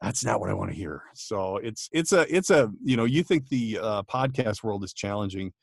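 A man's voice: lowish voice, expressive, normal speed, vocal fry, dry recording, clean studio sound. Chatty man telling voiceover stories. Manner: chatty, laughing storyteller with many restarts. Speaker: podcast guest, voice actor. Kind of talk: casual chat. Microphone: home studio microphone.

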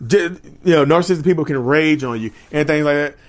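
A man's voice: a little high, a little fast. A man talking to camera in a casual monologue, repeating his points emphatically and laughing often. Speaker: vlogger.

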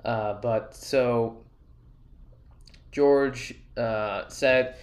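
A man talking alone into a podcast mic in a loose, rambling way. He jokes at his own expense and drifts between asides before circling back. His pitch sits in an ordinary middle range. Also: fairly even intonation, extremely slow. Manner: rambling, self-deprecating, jokey asides. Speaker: podcast host. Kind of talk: casual solo podcast monologue.

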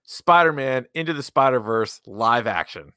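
A man's voice: medium pitch, animated, moderate pace, sharp tone, smooth, no echo. A man hosting a casual podcast, dry and blunt, with a joking tone. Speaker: podcast host. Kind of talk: casual chat.

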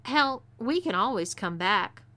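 Woman doing a rough Texan bounty hunter man. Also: mid-range voice, lively intonation, a little slow, pushed and bright. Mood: menacing. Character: rough male bounty hunter, menacing and crude.

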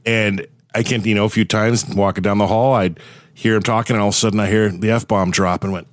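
A man's voice: fairly low pitch, fairly even intonation, fairly quick, dry recording, studio quality. A man hosting a podcast, chatting easily and laughing often as he shares stories about his son. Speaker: podcast host. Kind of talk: casual podcast chat.

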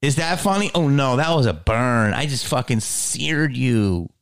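A man's voice: mid-range voice, lively intonation, unhurried. A middle-aged man comedian ranting in a heated, profane, swaggering way.

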